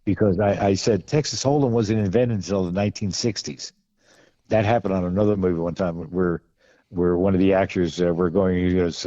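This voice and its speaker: Low mellow man telling wry anecdotes. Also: steady tone, a little fast, dry recording, dull audio. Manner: rambling, wry, many restarts and fillers. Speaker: podcast guest, film costume and gun expert. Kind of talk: casual anecdotal storytelling.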